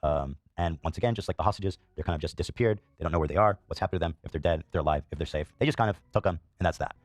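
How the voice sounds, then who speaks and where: A man's voice: low voice, very fast, dry recording, studio quality. A male podcast host giving heated reaction commentary, swearing, coughing and filling gaps with "um".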